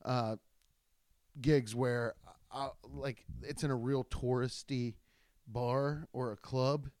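A man's voice: mid-range voice, steady tone, slow pace, darkish tone, dry recording, clean studio sound. A man, a stand-up comedian, telling rambling, profane stories in a casual chat with many restarts. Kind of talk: casual storytelling podcast.

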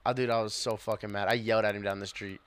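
A young man, a police officer and podcast co-host, telling stories in casual chat, animated and swearing, often laughing. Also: on the low side, quick pace, smooth.

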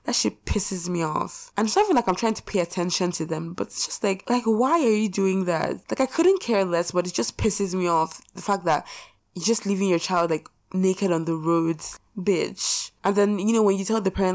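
A woman's voice: mid-range voice, moderate pace. A young woman hosting a podcast, ranting casually about her pet peeves in a blunt, profane, exasperated way. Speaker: podcast host. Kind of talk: casual rant.

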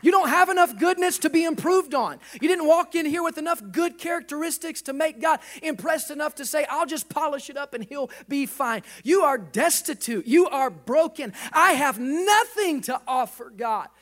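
A man in his thirties, a pastor, preaching a sermon with animated delivery and acted-out dialogue. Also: extremely high pitch, moderate pace, hardly any pauses.

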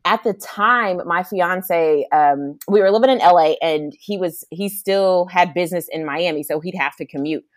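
A young woman chatting as a guest, telling a lively story and acting out quotes in a high voice. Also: normal speed, few pauses, no echo, clean studio sound. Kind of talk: casual chat.

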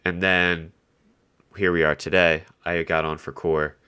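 Low bright voice guy, stuffy from allergies, laughs a lot, casual podcast chat. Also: flat delivery, a little slow, clear, resonant tone. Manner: laughs often, self-deprecating. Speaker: podcast co-host. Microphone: video call.

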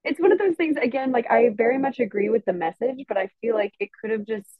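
A woman guest on a podcast, chatting in an animated, slangy way and laughing often. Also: a little high, fast, no echo. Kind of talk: casual chat. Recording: dry, dull lo-fi mic.

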